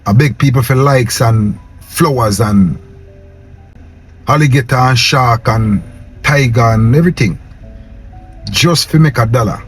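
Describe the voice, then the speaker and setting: A man's voice: medium pitch, a little slow, long pauses, husky. Jamaican Patois man, young adult, impassioned vlog rant, faint music underneath. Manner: impassioned, preachy, repeats "yo" and "man". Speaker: vlogger. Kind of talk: casual rant to camera.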